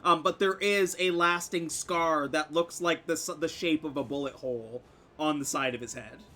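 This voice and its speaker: Bright-voiced game master, full of fillers. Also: male voice, on the high side, moderate pace. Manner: rambling with many fillers. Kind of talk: narrating a tabletop game.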